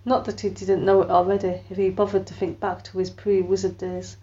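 Woman reading a story aloud, expressive. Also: mid-range voice, brisk, highs cut off. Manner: expressive storytelling, lifts her voice for quoted lines. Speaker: audiobook narrator. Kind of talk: scripted narration with character voices.

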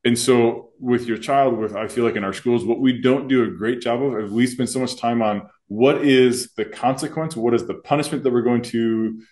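A man's voice: mid-range voice, steady tone, normal speed, few pauses, darkish tone. A man co-hosting a podcast, speaking earnestly and reflectively as a school leader in casual discussion. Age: adult with children. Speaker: school administrator and podcast co-host.

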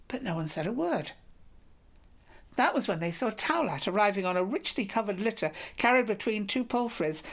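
A woman narrates an old romance with steady, clear storytelling. Her voice sits in a middle pitch, even and unhurried in its delivery. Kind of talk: audiobook reading of a medieval romance.

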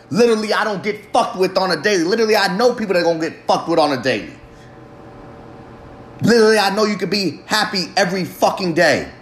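A man with a high-set voice rants through a fiery monologue. He swears constantly and hammers every point hard. The sound comes back off the walls of a roomy, echoey space. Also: slight background noise. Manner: heavily profane, ranting, emphatic. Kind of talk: impassioned monologue. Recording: roomy echo.

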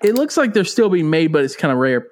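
Man, fairly high voice, animated, laughs a lot, casual podcast chat. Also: quick pace. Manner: animated, laughs often, fond storytelling. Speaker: podcast co-host.

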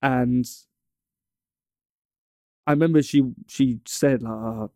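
A man's voice: medium pitch, steady tone, moderate pace, mellow, no room sound, clean studio sound. A young man from England in casual chat, telling a long story with many stumbles and restarts. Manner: rambling, stumbles and restarts often.

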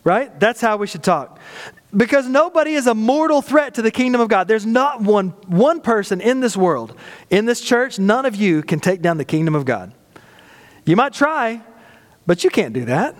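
High-voiced male pastor in a reverberant hall. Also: very animated, moderate pace. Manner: conversational and humorous, acting out little quoted exchanges. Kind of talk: sermon. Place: church sanctuary.

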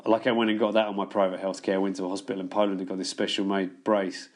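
A man's voice: deep voice, level tone, fast talker. Swearing, laid-back guest man. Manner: swears freely, laughs while telling stories. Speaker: podcast guest. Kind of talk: casual storytelling chat.

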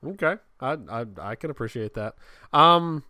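A man co-hosting a casual chat, talking in a relaxed way and often repeating words as he starts a sentence. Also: fairly high pitch, normal speed, clear, resonant tone, no echo, studio quality. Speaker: podcast co-host.

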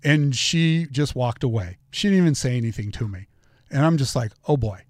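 A man's voice: medium pitch, expressive, moderate pace, a little mellow, no room sound. A middle-aged man hosting a solo political commentary show, talking in an opinionated, conversational way and telling stories.

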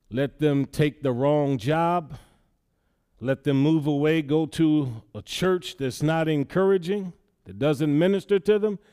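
A man's voice: a little high, warm tone, smooth. A man preaching a sermon in a church in a conversational way, often adding "yeah" between points. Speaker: pastor.

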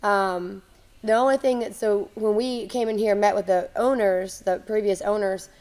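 A woman's voice: mid-range voice, steady tone, moderate pace, a little mellow. A woman, a gym owner and guest on a podcast, talking in an enthusiastic, chatty way. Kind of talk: casual podcast interview.

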